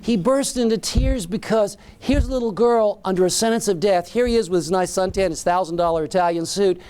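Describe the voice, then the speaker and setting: A man's voice: sits high, brisk, a little mellow, clean tone. A man giving a keynote speech, telling a story in short, dramatic phrases. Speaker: keynote speaker.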